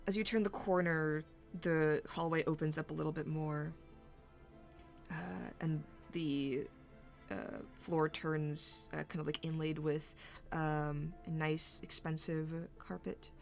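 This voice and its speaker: A woman game master narrates a tabletop role-playing scene in a low voice. She speaks slowly and haltingly, pausing often to search for her words. Soft music plays faintly underneath. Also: little pitch movement, creaky.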